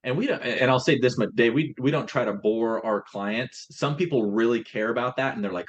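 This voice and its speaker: A man's voice: medium pitch, a little fast, few pauses, muffled recording, slight background noise. A man in a casual business chat, explaining his translation company's process step by step and often restarting his phrases.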